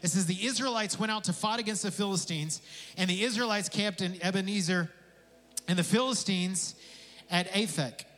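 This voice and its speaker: Animated high-voiced preacher in a reverberant hall. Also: male voice, normal speed. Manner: animated, conversational preaching with asides and jokes. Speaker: pastor. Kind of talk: sermon.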